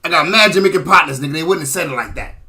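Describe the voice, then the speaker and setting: Loud, high-voiced man mocking clips. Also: animated, rapid-fire, a loud crowd. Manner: loud, profane, laughing and shouting mockery. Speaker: commentator reacting to clips. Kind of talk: casual reaction commentary.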